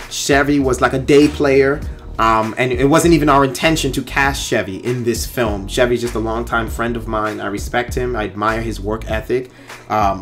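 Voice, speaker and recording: A filmmaker chatting casually on a livestream, rambling and joking and reading viewer comments aloud, with many pauses and fillers. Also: male voice, mid-range voice. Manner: rambling, joking, teasing, lots of ums.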